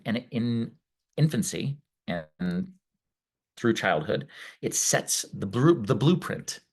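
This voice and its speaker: A middle-aged man, a wellness coach, giving a conversational live-streamed teaching talk and explaining ideas in a relaxed way. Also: mid-range voice, creaky. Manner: conversational and explanatory, acts out quoted voices.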